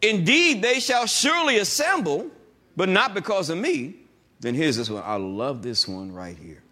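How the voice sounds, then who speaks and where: Animated high-voiced man preaching a sermon. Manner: animated preaching with call-and-response asides; reads scripture slowly and emphatically. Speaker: pastor.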